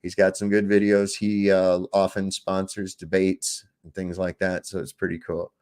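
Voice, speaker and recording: A man's voice: deep voice, monotone, moderate pace, a little mellow, smooth, no echo, clean studio sound. A man hosting a casual live stream, laid-back and laughing along.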